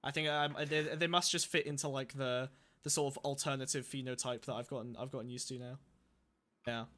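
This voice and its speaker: A man's voice: mid-range voice, fairly even intonation, a little fast, sharp tone. A young man hosting a podcast, telling rambling, profane anecdotes in casual chat and laughing between stories. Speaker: podcast host.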